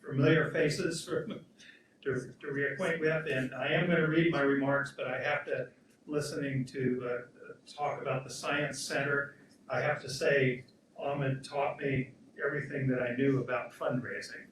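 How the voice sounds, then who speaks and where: A man, a professor, speaking at a memorial event, telling a fond anecdote with halting restarts. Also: mid-range voice, steady tone, fairly bright tone, a little hiss or hum. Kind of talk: spoken remembrance at a memorial event. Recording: echoey hall from far off.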